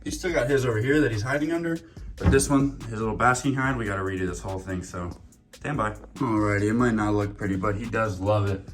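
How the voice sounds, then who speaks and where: Over music, a reptile keeper and vlogger talks quickly in a lowish voice. He chats casually and jokes while tending his snakes in this laid-back vlog.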